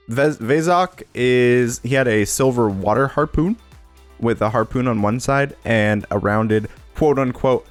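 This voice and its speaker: A man hosting a casual talk show, relaxed and rambling with lots of fillers. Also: mid-range voice, takes it slowly, dry recording, soft background music. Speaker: podcast host.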